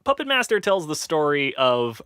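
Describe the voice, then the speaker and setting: A man hosting a casual podcast, talking in an animated, energetic way into a close microphone. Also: fairly high pitch, normal speed, clean tone, no room sound. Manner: lively, animated, plays the show's announcer. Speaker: podcast host.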